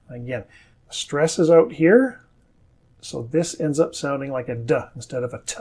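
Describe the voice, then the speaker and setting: Husky North American man teaching pronunciation. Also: medium pitch, animated, a little mellow. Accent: standard North American. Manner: slow, carefully enunciated model words. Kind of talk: scripted pronunciation lesson.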